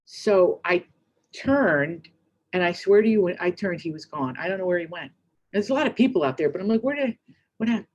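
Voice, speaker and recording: A middle-aged woman giving a keynote speech, telling a story in a chatty, rambling, animated way with quick asides. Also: on the low side, vocal fry, breathy edge, low-quality recording. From United States. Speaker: keynote speaker.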